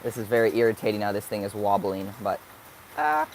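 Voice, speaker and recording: This teenage vlogger speaks quickly in a lowish, darkish, level voice, with a little background hiss or hum. Answering viewers live, he stays upbeat, at times hyper, thinking aloud while groping for words.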